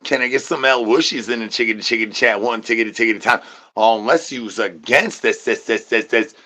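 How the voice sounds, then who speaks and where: Man streamer, bright edgy tone, rambling nonsense comedy, stutters words over and over. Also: mid-range voice, fairly quick. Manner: sing-song rhyming catchphrases. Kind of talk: absurd comedic rant.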